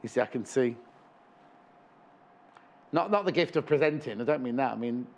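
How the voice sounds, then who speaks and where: A man's voice: medium pitch, animated, moderate pace, pauses often. A man presenting live on a shopping channel, chatting and joking in rambling asides. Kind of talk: live TV sales chat. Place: TV studio.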